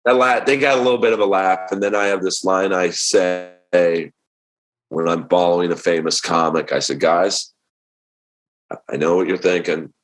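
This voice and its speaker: A middle-aged man, a comedian guest on a podcast, telling stories in a casual, animated way and acting out what people said. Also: low-pitched, moderate pace. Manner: animated storyteller acting out quotes.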